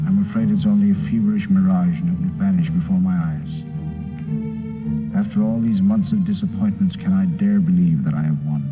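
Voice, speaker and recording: Weary feverish explorer played by an actor, film clip. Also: male voice, low-pitched, natural voice. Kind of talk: old film dialogue. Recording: phone-like film clip with loud music.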